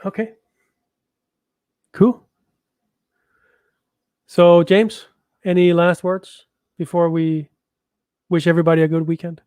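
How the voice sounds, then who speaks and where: A man's voice: a little high, fairly even intonation, slow, long pauses, darkish tone, clear, resonant tone, dry recording, clean studio sound. A man co-hosting a live developer stream, talking loosely with many restarts. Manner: loose, rambling, lots of restarts. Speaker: co-host. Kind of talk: casual live-stream chat.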